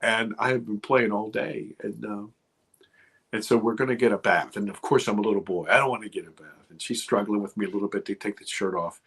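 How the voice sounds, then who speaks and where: A middle-aged man telling a personal story as a guest, dramatic, dropping to a hush and rising again, with many restarts. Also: lowish voice, steady tone, brisk, creaky, slightly rough. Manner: dramatic, swings from loud to hushed, many restarts. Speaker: guest filmmaker. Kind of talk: animated storytelling.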